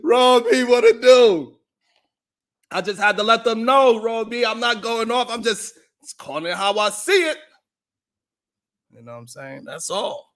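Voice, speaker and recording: A man hosting a podcast, delivering a mocking roast monologue that swings from loud shouts to low mutters. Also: lively intonation, normal speed. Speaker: podcast host.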